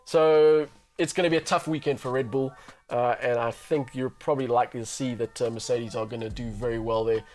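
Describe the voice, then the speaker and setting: Male racing pundit, brisk and explanatory, mid-pitched, light music behind. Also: fairly even intonation, darkish tone. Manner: analytical, explanatory, with fillers. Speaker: Formula One pundit. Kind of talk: sports analysis chat.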